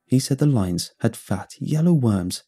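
A man narrating a first-person horror story in a measured storytelling manner. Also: medium pitch, animated, dark tone, slightly rough. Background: faint music.

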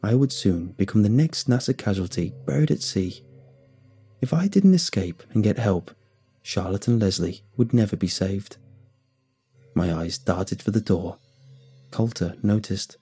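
A male narrator telling a first-person horror tale in a tense, dramatic style. His voice is low, deeply husky and dark, and faint music sits underneath. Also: animated, moderate pace.

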